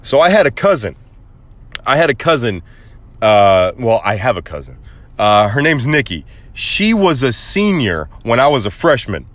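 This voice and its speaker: A man's voice: mid-range voice, no room sound. A young man from Arizona telling a casual story on his podcast, swearing freely and acting out the people in it. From Arizona, USA. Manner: animated, acts out quoted voices, swears casually. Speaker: podcast host.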